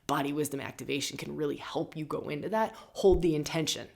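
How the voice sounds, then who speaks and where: A woman's voice: low voice, steady tone, fast talker, vocal fry, a little mellow. A woman in her forties giving a casual, fervent spiritual talk on astrology. She swears freely and keeps asking "right?". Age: 40s. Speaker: astrologer and membership host.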